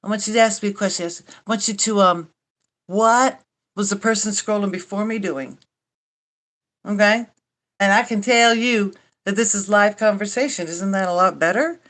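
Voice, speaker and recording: A woman's voice: mid-range voice, moderate pace, fairly bright tone. An older woman hosting a casual livestream chat, rambling and wry, mocking herself and swearing now and then. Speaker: livestream host.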